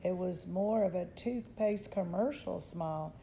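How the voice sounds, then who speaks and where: A woman reading a children's novel aloud in a gentle, unhurried storytelling voice. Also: on the low side, vocal fry, a little hiss or hum, low-quality recording. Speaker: storybook reader.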